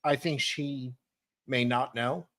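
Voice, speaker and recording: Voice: medium pitch, fairly even intonation, slow pace, fairly bright tone. An American co-host chatting casually on a live stream. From United States.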